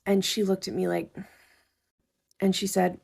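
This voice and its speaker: A woman's voice: medium pitch, flat delivery, measured pace, creaky, darkish tone, slightly rough. A woman casually telling a personal story in a wry, conversational way. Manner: wry, conversational, acts out quotes.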